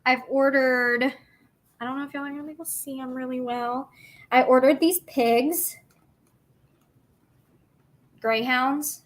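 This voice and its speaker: A young woman talks through her craft livestream in a chatty, bubbly ramble full of fillers. Her voice sits a little high. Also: fairly even intonation, measured pace, pauses often. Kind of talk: casual livestream chat.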